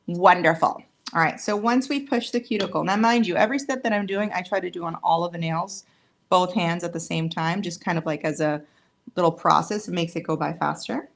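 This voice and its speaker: A creaky, fairly low female voice at a fairly quick pace belongs to a nail tech giving a casual live demo of products. She chats as she works, sounding somewhat tired and cracking jokes at her own expense.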